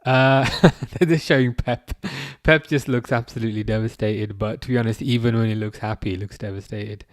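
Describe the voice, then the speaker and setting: Man, thirties, live-stream host, casual chat, halting restarts, dead-dry sound. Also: on the low side, fairly even intonation, dry recording. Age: 30s. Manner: halting, many restarts, chuckles often. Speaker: streamer hosting a football watchalong.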